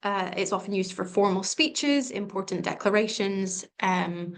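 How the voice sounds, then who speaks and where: A woman's voice: mid-range voice, lively intonation, unhurried. A woman giving a live exam revision session, chatty and informal, with frequent ums and self-corrections. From England. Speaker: revision tutor.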